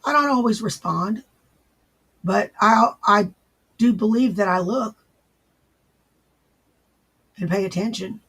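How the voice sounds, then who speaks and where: A man hosting a casual livestream, answering viewers in his chat and gently repeating his reassurances. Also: sits high, takes it slowly, long pauses, husky. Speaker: livestream host.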